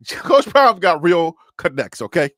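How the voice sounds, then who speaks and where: A sports talk host with a notably high voice, holding forth in an animated, preachy way. He speaks right to his listeners in loose, conversational phrases, and his voice is captured close and very dry. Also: no room sound. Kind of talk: opinionated sports commentary.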